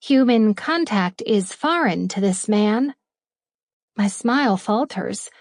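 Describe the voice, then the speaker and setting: A woman narrates a romance audiobook in the first person, taking her time over each line. Her delivery is playful, with breathy asides. The voice sits close and dry, in a middle register. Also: mid-range voice, a little mellow, no echo.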